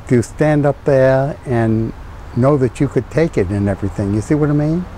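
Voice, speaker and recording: A man's voice: medium pitch, warm tone, a little hiss or hum, low-quality recording. An older man answering in an interview, cheerful and reflective. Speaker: interviewee, former POW pilot.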